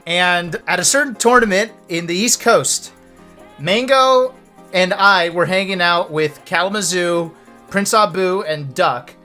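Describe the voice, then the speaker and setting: Casual male streamer-storyteller, high and bright, animated, jumps into his friends' voices. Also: soft background music. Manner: animated, acts out friends' lines in quick bursts. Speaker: streamer telling stories.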